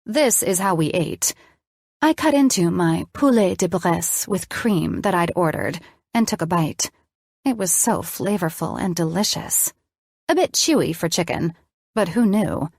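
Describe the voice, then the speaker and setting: A woman's voice: on the low side, darkish tone, no echo, clean studio sound. A woman narrating an audiobook in the first person, reading expressively.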